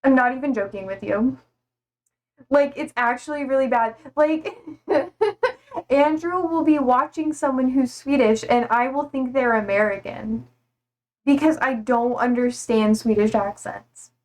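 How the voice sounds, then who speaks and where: A woman's voice: high voice, unhurried, darkish tone. A woman streamer chatting casually and reading chat, rambling and laughing at herself. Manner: rambling, laughing, self-deprecating.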